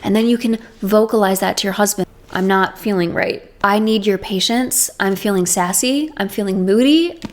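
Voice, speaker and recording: A woman's voice: medium pitch, normal speed. A young woman talking to camera in an earnest, emphatic and chatty way, with many "like"s. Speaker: video host. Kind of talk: casual faith-based talk to camera.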